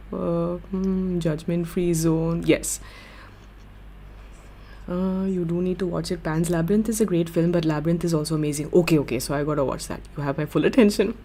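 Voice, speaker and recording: A young woman hosting a livestream, chatting with viewers in an excitable, giggly way. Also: fairly low pitch. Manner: excitable, giggly, gushing fan talk. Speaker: livestream host. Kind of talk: casual chat with viewers.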